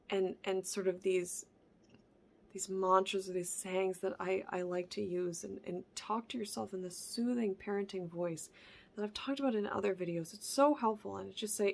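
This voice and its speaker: Earnest woman with a gravelly edge. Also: medium pitch. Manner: earnest, often dropping to a soft whisper; repeats and restarts phrases. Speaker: wellness vlogger. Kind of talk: reflective personal monologue.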